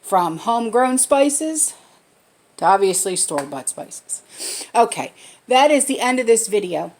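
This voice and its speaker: A woman's voice: a little high, sing-song, unhurried. Chatty woman with lots of "okay?". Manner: chatty, keeps checking in with "okay?". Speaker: vlogger. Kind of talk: casual pantry tour vlog. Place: home kitchen, cooking while talking.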